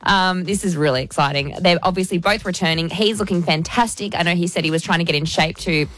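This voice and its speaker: A woman's voice: on the low side, fast talker, a bit bright, faint music behind. A woman co-hosting a radio show, chatting and gossiping about celebrity news and laughing easily. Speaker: radio co-host. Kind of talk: casual radio chat. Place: radio studio.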